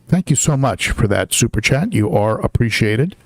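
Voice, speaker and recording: Older male live stream host, low voice, dry close sound, rambling and friendly. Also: very animated, normal speed, no room sound. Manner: chatty, many fillers and restarts, greets viewers. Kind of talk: casual live stream chat.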